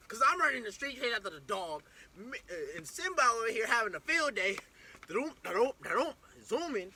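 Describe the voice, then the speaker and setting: A young man telling a storytime vlog in an excitable, slangy way, acting out the scene as he goes. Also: extremely high pitch. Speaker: vlogger. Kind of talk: animated storytime.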